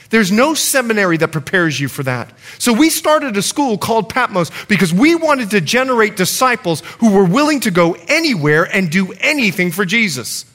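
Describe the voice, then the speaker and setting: A man preaching a sermon to his church, telling stories and reading scripture with emphatic, animated delivery. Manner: animated storytelling preacher, emphatic swings in pitch. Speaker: pastor.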